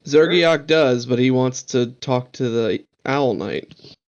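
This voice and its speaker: A player in a tabletop game, loud and excitable. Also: medium pitch, slow, dull audio.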